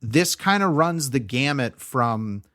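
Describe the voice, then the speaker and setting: A young man riffs about films on a podcast, his sentences looping back on themselves with plenty of "um" and "like". His pitch sits in an ordinary middle range. The talk stays relaxed and conversational. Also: slow. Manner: rambling, frequent fillers and restarts. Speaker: podcast co-host. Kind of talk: casual movie review chat.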